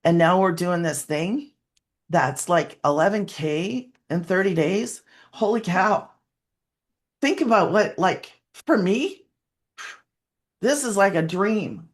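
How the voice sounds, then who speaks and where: A woman's voice: on the low side, animated, takes it slowly, long pauses. A woman giving a rambling, heartfelt personal testimonial as a webinar guest over a video call, sometimes close to tears.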